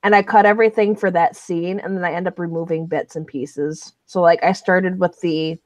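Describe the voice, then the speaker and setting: A woman's voice: fairly low pitch, normal speed, no room sound. Snuffly young woman, dry close mic. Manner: teasing, deadpan quips. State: congested, snuffly. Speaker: livestream co-host. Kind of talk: casual chat while video editing.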